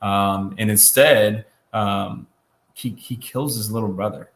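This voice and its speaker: A man's voice: lowish voice, fairly even intonation, slow pace, reverberant. Casual man retelling a Bible story. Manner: conversational, many fillers and restarts, acts out quotes. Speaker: Bible teacher.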